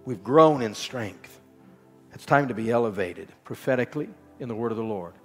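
A man preaching a sermon with rhythmic repetition, swinging from loud exhortation to soft, low lines. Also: lively intonation, normal speed. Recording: long hall reverb with faint music.

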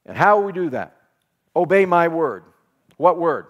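A man's voice: a little high, big pitch swings, a little slow, muffled recording. Preaching man in a reverberant hall. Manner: preacherly, repeats phrases for emphasis, asks the congregation questions; laughs while telling a home story. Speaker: pastor. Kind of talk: sermon.

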